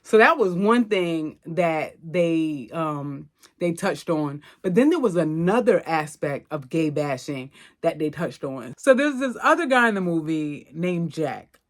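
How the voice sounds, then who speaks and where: A woman's voice: deep voice, a little slow. Chatty woman recapping a movie. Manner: chatty and expressive, slangy, loose storytelling. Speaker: podcast host.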